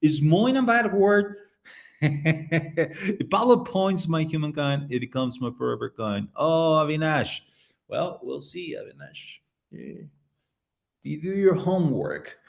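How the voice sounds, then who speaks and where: A man's voice: on the high side, animated, takes it slowly, creaky, long pauses. A man hosting a casual live stream while he paints, chatting with viewers in a playful, rambling, jokey way and talking straight to the chat. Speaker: livestream host painting community art.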